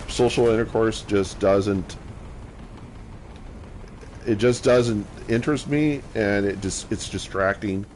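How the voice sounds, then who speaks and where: Man, casual gameplay commentary, halting, self-mocking, slow speech. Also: on the low side, a little mellow, a little hiss or hum, rough recording. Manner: rambling, self-mocking, laughs at himself; halting, many restarts. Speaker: gamer.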